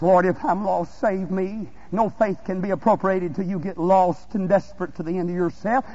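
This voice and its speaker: A middle-aged man preaching a revival sermon in a high, husky voice. He drops into low conversational asides, then climbs into shouted, stretched-out lines. The recording is dull and lo-fi. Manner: swings from conversational asides to shouted, drawn-out exhortation.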